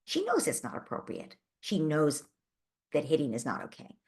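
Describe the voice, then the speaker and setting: A woman's voice: low-pitched, huge pitch swings, normal speed, darkish tone. A woman hosting a parenting Q&A who answers a parent's question with empathetic, reassuring coaching and thinks aloud with small restarts. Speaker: parenting advice host.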